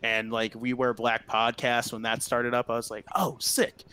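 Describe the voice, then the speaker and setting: A man in a band telling stories in a casual interview, excitable and full of "like" fillers. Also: medium pitch, moderate pace, clean tone, rough recording. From Ohio. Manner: excitable storyteller, heavy "like" filler, acts out quotes. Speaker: band member guest.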